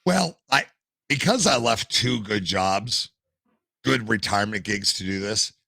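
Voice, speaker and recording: Older male guest, low gravelly voice with a bright edge, animated storyteller. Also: a little slow, no room sound. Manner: animated storyteller, acts out quotes. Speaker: podcast guest, gamer and streamer. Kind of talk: casual storytelling interview.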